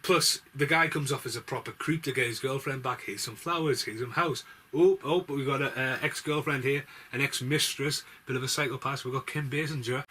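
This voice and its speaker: A man's voice: medium pitch, brisk, few pauses, sharp tone, breathy edge. A man reviewing movies in casual, rambling chat, swearing freely as he goes.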